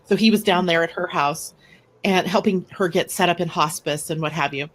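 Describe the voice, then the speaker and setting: A middle-aged woman hosting a live astrology show, chatting casually and telling stories with lively acted-out quotes. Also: lowish voice, normal speed. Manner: animated storyteller who acts out quoted speech. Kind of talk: casual conversational storytelling.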